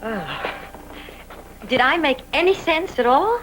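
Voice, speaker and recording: A woman's voice: high-pitched, very animated, takes it slowly, over music, heavily acted, rough recording. An actress playing an anxious, loyal young woman, talking breathlessly and stammering eagerly.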